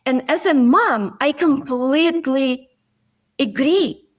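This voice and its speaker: High-pitched woman, earnest storyteller, middle-aged, podcast guest. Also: slow. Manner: earnest, storytelling, occasional grammar slips. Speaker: guest, physician and coach. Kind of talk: conversational podcast interview.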